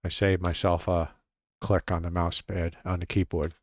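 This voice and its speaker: Low-voiced man calling a dice baseball game. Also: muffled recording, slight background noise. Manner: relaxed and halting, reading numbers aloud, muttering to himself. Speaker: solo tabletop baseball game player. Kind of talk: casual play-by-play while rolling dice.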